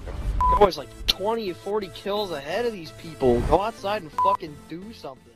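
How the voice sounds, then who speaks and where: A man with a high voice trash-talks another player over game chat, heaping scorn on him. Music runs underneath. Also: wildly swooping pitch, a little fast. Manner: insulting trash talk.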